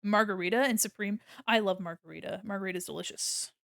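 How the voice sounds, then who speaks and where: A woman's voice: mid-range voice, fast talker, creaky, a bit bright, no room sound, clean studio sound. An American woman streaming her art, chatting casually and giggling as she thinks aloud while she draws. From United States.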